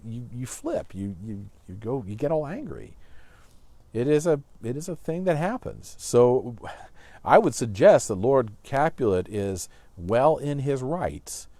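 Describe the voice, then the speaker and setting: A man giving a casual lecture on a play, talking in an animated way with stumbling repeats and frequent "right?". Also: mid-range voice, no echo.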